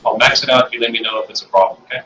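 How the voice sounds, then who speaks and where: A soft-spoken man playing in a tabletop game, chatting casually. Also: mid-range voice, fairly even intonation, very fast, reverberant. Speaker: player. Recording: distant mic with hiss.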